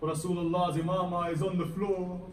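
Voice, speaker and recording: A Muharram lecturer tells the story in an emotional sermon in a mosque hall, his fairly high, darkish voice at normal speed and flat in delivery, yet dramatically rising and falling in intensity. Recorded from a distance, his phrases ring with the hall's echo over a faint hum of ambience.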